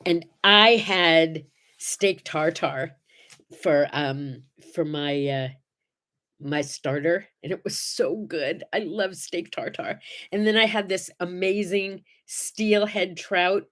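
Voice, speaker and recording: A woman hosting a morning livestream, chatting casually to viewers and acting out the people in her stories with lively, expressive delivery. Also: takes it slowly. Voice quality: animated storyteller, acts out the people in her stories. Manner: bursts into high squeals when greeting viewers. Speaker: host of a morning livestream show. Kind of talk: casual chat to live viewers.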